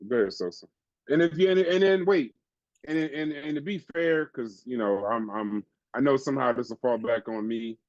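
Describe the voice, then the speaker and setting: A man's voice: mid-range voice, moderate pace, a little mellow, no room sound, muffled recording. A man hosting a casual podcast chat, laughing often and talking in loose slang. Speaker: podcast host.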